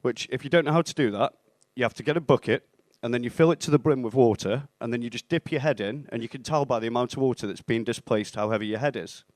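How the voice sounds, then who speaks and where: A young man delivers a stand-up set on a club stage, deadpan and self-mocking, slipping into bits of dialogue as he goes. His voice sits in a mid range and comes through a handheld mic that sounds dry and close. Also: medium pitch, quick pace, hardly any pauses, no room sound. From England (Stoke-on-Trent). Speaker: stand-up comedian.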